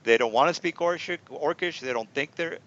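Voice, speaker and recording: A man's voice: on the high side, fairly quick, a bit bright. A man narrating a tabletop game as game master, rambling and repeating himself with many fillers. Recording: dull lo-fi recording.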